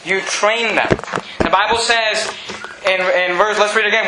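A man preaching a sermon, emphatic and repetitive, often shouting. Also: sits high, steady tone, normal speed, echoey room, slight background noise, low-quality recording.

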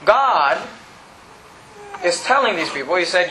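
A man preaching a sermon in a church, emphatic and climbing to high excited peaks as he presses his points. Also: fairly quick, reverberant, background noise.

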